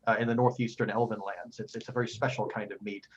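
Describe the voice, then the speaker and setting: Husky-voiced man running a tabletop game. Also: fairly low pitch, little pitch movement, quick pace, highs cut off. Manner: warm storytelling with frequent ums and restarts. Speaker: game master.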